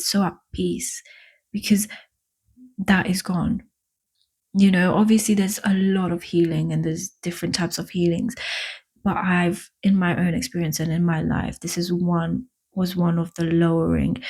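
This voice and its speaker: Breathy woman giving earnest self-help talk. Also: on the low side, a little mellow. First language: not English. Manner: earnest, affectionate, addresses viewers as "my love" and "baby"; halting, with restarts and drawn-out emphatic words. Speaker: vlogger. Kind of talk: casual spiritual self-help talk to camera.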